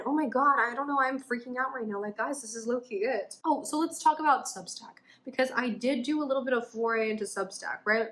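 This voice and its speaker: Woman, 20s, vlogger; loose rambling chat, salty, self-mocking, laughs a lot. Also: fairly high pitch. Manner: chatty, swears, self-deprecating, frequent laughs. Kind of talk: casual rambling chat while coloring.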